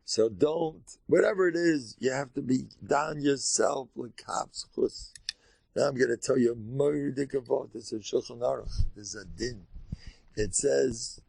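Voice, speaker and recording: An older rabbi gives an informal Torah lecture in American Orthodox Jewish English, emphatic and animated, swinging from high exclamations to low asides. His voice is creaky with a breathy edge, his pace measured, and there's no room sound.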